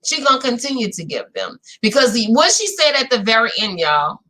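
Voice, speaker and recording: A woman's voice: a little high, fairly quick. A woman from New Orleans with a New Orleans accent, chatting casually as she recaps a reality show for her viewers. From New Orleans, Louisiana. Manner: animated and chatty, addresses viewers as "y'all". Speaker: recap host.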